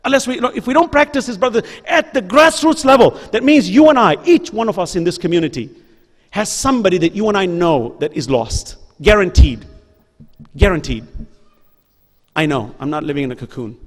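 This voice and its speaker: Impassioned high-voiced man preaching. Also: lively intonation, brisk. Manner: earnest, repetitive rhetorical questions and appeals. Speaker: lecturer at a religious gathering. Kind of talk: impassioned religious lecture. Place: school hall before an audience. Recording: reverberant hall.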